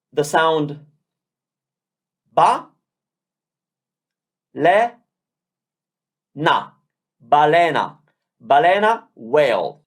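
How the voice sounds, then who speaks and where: A language teacher giving a beginner lesson, drilling syllables slowly and encouraging learners. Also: mid-range voice.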